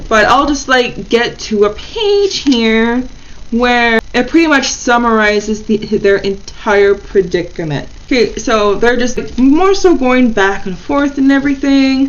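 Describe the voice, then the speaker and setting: A woman's voice: fairly high pitch, expressive, measured pace, highs cut off. A chatty woman giving a casual book review and often saying "like".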